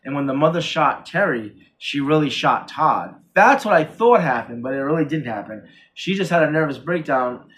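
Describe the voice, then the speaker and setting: Male horror-movie reviewer, a little high-pitched, in an excited, rambling casual chat full of restarts. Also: moderate pace. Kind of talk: casual chat, retelling a film plot.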